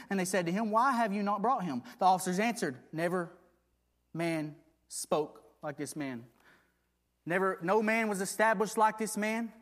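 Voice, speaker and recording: A man preaching a sermon, reading scripture aloud and asking the congregation for agreement. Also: high voice.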